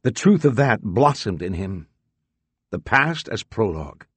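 A man reading fiction aloud as an audiobook narrator, with expressive, dramatic delivery. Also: fairly low pitch, measured pace, husky, dry recording. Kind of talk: scripted narration.

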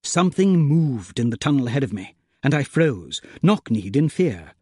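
Lively man narrating a comic story. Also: mid-range voice, normal speed, husky, dry recording, clean studio sound. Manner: plummy, gentlemanly turns of phrase. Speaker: audiobook narrator. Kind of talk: first-person comic narration.

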